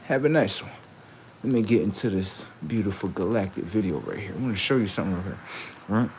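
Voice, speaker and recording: Profane ranting male livestream host. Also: medium pitch. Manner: profane, mocking, repetitive.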